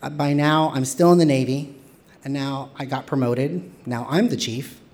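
A man telling a personal story on stage, expressive and playful with self-mocking humor. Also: mid-range voice, normal speed, slight background noise.

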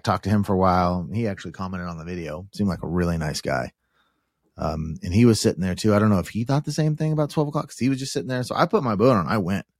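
A low-voiced man from Kansas tells a story on his podcast in a loose, chatty way, jumping into quoted back-and-forth and tripping over his words. The sound is close and dry, with no room around it. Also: no echo. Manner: animated retelling with quoted dialogue and restarts. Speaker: podcast host. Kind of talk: casual storytelling.

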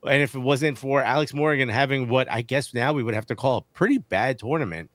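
A man co-hosting a casual sports podcast, animated and joking, using slang, on a studio mic. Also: medium pitch, fairly quick, dry recording. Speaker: podcast co-host.

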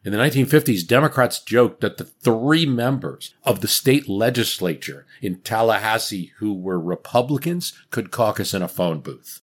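A man's voice: lowish voice, lively intonation, normal speed, few pauses, husky. A man narrating a scripted history podcast as its host, dramatic and wry. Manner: dramatic storytelling with wry asides.

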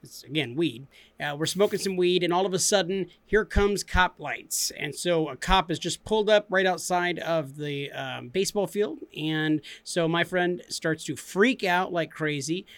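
A man's voice: fairly high pitch, normal speed, a bit bright, dry recording. Laid-back man telling a story. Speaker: podcast co-host. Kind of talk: casual storytelling.

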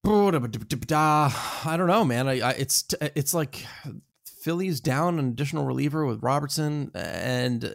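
A man's voice: a little slow, vocal fry, dry recording, studio quality. A man co-hosting a baseball podcast, talking casually and hesitantly, often repeating himself. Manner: hesitant, repeats himself, lively swings in pitch. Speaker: podcast co-host. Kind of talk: casual sports chat.

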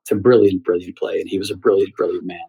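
A middle-aged man from the United States tells stories in an animated, chatty way. He often repeats words and quotes himself. His voice sits low and has a husky, slightly breathy grain. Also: fast, lo-fi sound. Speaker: theater critic and guest. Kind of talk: anecdotal storytelling in conversation.

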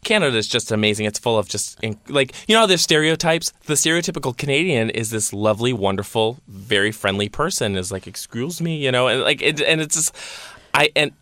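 A man's voice: medium pitch, expressive, brisk, bright, forceful tone, no room sound. A man co-hosting a podcast, speaking in an emotional, gushing way and often reaching for "like" as he searches for words. His voice sits in a middle register, recorded dry and close to the mic. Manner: emotional, gushing, full of fillers like "like". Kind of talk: casual chat reviewing a show.

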